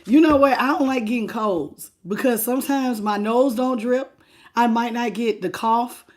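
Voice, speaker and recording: A woman with a hoarse, laryngitis-worn voice hosting a live tarot stream, chatting casually and familiarly with viewers and calling them baby and boo. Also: a little high, a little mellow. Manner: unhurried and chatty, laughing often.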